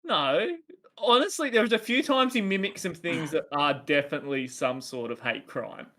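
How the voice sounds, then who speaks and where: A man's voice: fairly high pitch, lively intonation, moderate pace, pushed and bright. Joking, swearing male player. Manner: joking, swears, laughs a lot. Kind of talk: casual tabletop game chat.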